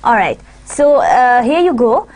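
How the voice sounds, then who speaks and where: A woman giving a recorded university lecture, halting and full of fillers and restarts. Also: a little high, very animated, darkish tone.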